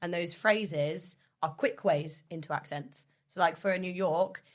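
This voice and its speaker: A woman's voice: lowish voice, unhurried. A woman guest on a podcast in casual chat, playful and teasing, trying out accents.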